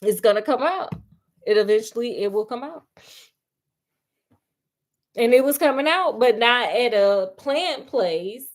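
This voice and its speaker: A woman's voice: fairly high pitch, lively intonation, a little slow, pauses often. A woman casually retelling a movie plot in a chatty, sassy way, calling the listener "honey" and "child.". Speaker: storyteller. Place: at home doing crafts.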